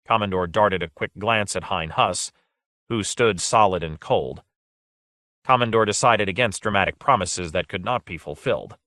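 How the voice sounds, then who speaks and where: A man narrating an audiobook in a steady, measured way. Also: sits low, dry recording, studio quality. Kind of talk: scripted narration.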